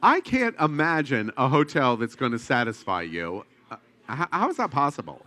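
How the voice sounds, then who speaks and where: A man's voice: medium pitch, normal speed. A man hosting a live talk show, joking with his co-hosts and speaking straight to the viewers. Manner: animated, joking, speaks to the audience directly. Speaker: host. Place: TV studio.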